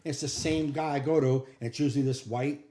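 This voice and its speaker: A man's voice: medium pitch, fairly even intonation, fast, warm tone. Crude storytelling podcast man, echoey room. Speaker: podcast co-host. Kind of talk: casual comedic storytelling. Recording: echoey room with faint noise.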